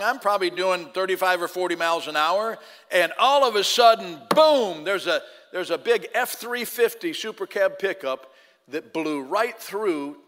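A man who was once a firefighter giving an emotional personal testimony to an audience, loud in tense moments and hushed in prayer. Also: a little high, big-room sound. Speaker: former firefighter telling a testimony.

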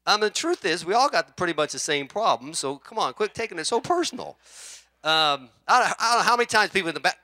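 Middle-aged guy preaching, high voice that swings all over, keeps throwing questions at the crowd. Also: a little fast, no room sound, clean studio sound. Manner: animated, conversational preaching with rhetorical questions. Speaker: pastor. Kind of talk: sermon.

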